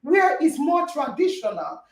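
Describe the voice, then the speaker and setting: High, animated woman in an echoey room. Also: unhurried. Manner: emphatic, argumentative, repeats phrases for stress. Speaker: podcast host. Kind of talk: heated debate moderation. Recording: echoey room, distant mic.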